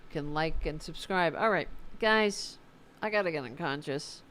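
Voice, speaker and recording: A woman's voice: low-pitched, normal speed, a bit bright, a little hiss or hum. A tired woman hosting a political livestream, chatting casually and swearing as she reads the chat and signs off. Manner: informal and profane, fired-up about politics.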